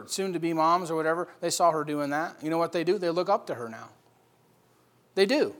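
A man preaching a sermon, swinging from loud emphatic bursts to quiet storytelling. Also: high voice. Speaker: pastor.

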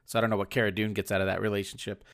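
A man's voice: on the low side, level tone, very fast, creaky, faint music behind. A man co-hosting a podcast from home, chatting casually in a joking, laid-back way with loose restarts. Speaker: podcast co-host. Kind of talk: casual chat. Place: indoors at home.

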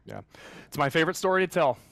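A man's voice: a little high, fast talker, creaky, fairly bright tone, dry recording. Guy telling a heartfelt story on a video call, earnest, lots of ums and restarts, dry close sound. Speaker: mascot performer. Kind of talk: storytelling in a conversational interview.

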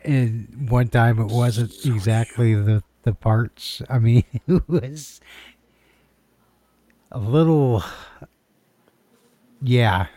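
A man with a mellow, dark-toned voice of middle pitch. He talks slowly and rambles through crude stories, laughing as he goes, in a casual podcast chat. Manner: former bar-band musician. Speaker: podcast co-host.

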